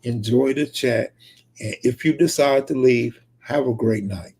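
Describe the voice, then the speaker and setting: A man's voice: mid-range voice, measured pace, a little mellow. A man from California, live streaming and casually reading viewer comments aloud, bantering back with joking, profane remarks.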